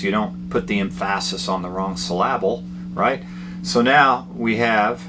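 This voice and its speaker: A man giving a guitar lesson, explaining ideas in a plain, unhurried way with fillers between phrases. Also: on the low side. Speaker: guitar teacher. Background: guitar playing between phrases.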